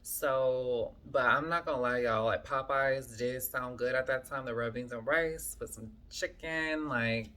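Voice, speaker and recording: A woman's voice: very deep voice, unhurried, few pauses, fairly bright tone. A woman telling a story to her viewers in a casual vlog, chatty and full of fillers, often calling them y'all. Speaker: vlogger.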